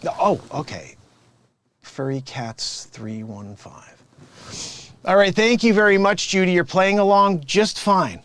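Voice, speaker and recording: A man's voice: high voice, animated, unhurried, a bit bright. A man improvising a sleazy, smug phone scammer boss who mocks his coworkers and cons callers. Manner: smug, mocking, laughing at his own lines. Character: sleazy male phone scammer boss posing as tech rebate agent. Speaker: improv comedian. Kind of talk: improvised comedy sketch.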